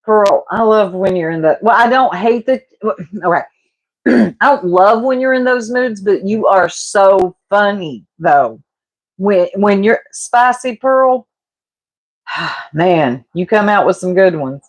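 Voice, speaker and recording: Slow-talking gossipy woman. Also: medium pitch, expressive. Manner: gossipy, laughing, teasing, addresses chat as y'all. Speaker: livestreamer chatting with viewers. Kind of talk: casual livestream chat while cooking.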